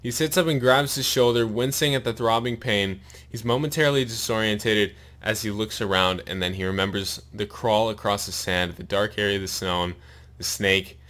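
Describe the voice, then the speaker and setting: A man reading a long story aloud in a steady narrating voice, his mouth sore and bleeding after a wisdom tooth removal. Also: lowish voice, normal speed. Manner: steady read-aloud narration with pained asides.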